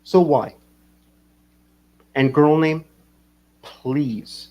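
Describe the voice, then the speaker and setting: A man's voice: medium pitch, big pitch swings, slow pace, pauses often, slight background noise. A man hosting a livestream, rambling casually, swearing and reading chat comments aloud. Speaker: livestream host.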